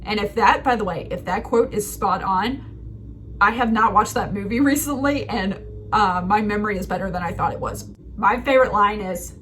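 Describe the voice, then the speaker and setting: A woman's voice: mid-range voice, normal speed, a little hiss or hum. A woman in her thirties hosting a writing video, talking through a story casually and laughing at herself. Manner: chatty, animated, laughs at herself.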